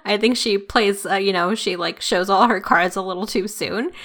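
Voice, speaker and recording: A woman in a mid-range voice chats about a book on a podcast. She is animated, laughs as she talks and drops into the characters' lines. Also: mid-range voice, normal speed, a little hiss or hum. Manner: animated, laughs while talking, quotes characters. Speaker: podcast co-host. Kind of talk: casual book discussion.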